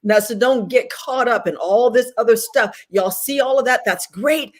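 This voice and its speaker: A woman with a slightly husky voice gives an inspirational testimony as an interview guest. She talks fervently, like a preacher, and hammers her points home by repeating phrases. She is heard over a video call. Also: fairly high pitch, normal speed. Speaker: guest author and speaker.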